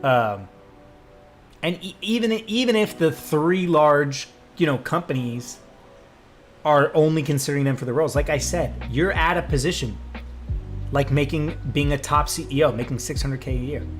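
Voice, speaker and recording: A young male livestreamer, his voice a bit higher than most men's, talks at a moderate pace. He rambles through viewer comments with many fillers and restarts while soft music plays quietly in the background.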